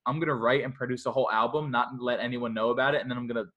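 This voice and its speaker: A man's voice: mid-range voice, very fast, dull audio. A young man in his twenties chatting as an interview guest. He rambles with lots of "like," jumping between thoughts with restless energy. Now and then he slips into a scolding inner voice. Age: 20s. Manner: energetic, rambling, heavy use of "like"; self-talk in a scolding inner voice. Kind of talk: casual podcast conversation.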